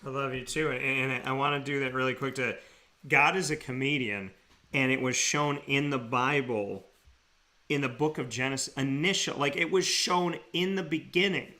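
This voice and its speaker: A man hosting a talk show segment, telling stories with excitement and sincere, earnest thanks. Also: medium pitch, normal speed. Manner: excitable, laughing storyteller, then quiet and earnest. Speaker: radio show host.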